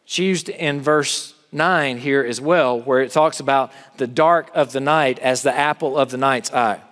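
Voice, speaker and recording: A man's voice: mid-range voice, a little slow, a bit bright. A middle-aged man preaching a sermon in a large chapel, talking conversationally and asking the audience questions. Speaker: campus chapel speaker. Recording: long reverb of a large hall.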